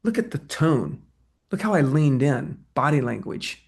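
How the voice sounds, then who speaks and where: An energetic man teaching real estate sales in a fairly high voice. He talks straight to his trainees and now and then plays the agent and the seller himself. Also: unhurried, vocal fry. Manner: energetic, acts out client dialogue.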